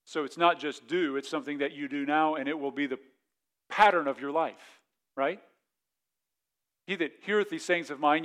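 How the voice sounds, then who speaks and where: A pastor delivers a sermon, reading scripture slowly before driving his point home with rhetorical questions and repeated words. His voice sits on the high side with a fairly bright tone.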